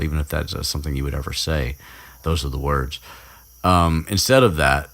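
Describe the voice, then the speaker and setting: Super deep voiced young guy rambling thru a casual recap, swears a lot. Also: normal speed, vocal fry, fairly bright tone. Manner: rambling, chuckling, swears freely. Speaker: podcast host.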